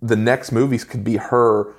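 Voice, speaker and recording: A man's voice: mid-range voice, fairly even intonation. A man in his forties giving an opinionated, ranting movie review in casual chat with a co-host. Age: 40s. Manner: opinionated, ranting with quick asides.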